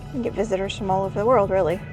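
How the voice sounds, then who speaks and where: A woman's voice: medium pitch, steady tone, very fast, darkish tone, faint music behind. A woman hosting a travel vlog, chatting in a rambling, enthusiastic way while walking around outdoors. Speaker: vlogger host. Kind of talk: casual travel vlog narration. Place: outdoors at a busy beach town. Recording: outdoor street noise behind.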